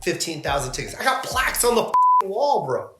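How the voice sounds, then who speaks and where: A man's voice: high-pitched, very animated, brisk, roomy sound, loud music behind the voice. A male comedian talking in an interview, emphatic and indignant, with a lot of swearing. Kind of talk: animated interview talk.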